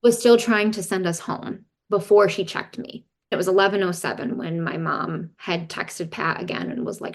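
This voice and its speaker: A woman recounts a personal story as a podcast guest, candid and detailed. Her voice sits on the low side with a gravelly fry. She relays what others said along the way. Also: fairly even intonation, normal speed, few pauses. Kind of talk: casual storytelling.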